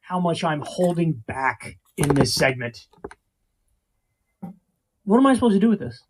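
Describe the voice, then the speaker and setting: A man's voice: fairly high pitch, sing-song, measured pace, noisy background. A male show host ranting sarcastically in casual, profane commentary about clips he is reacting to.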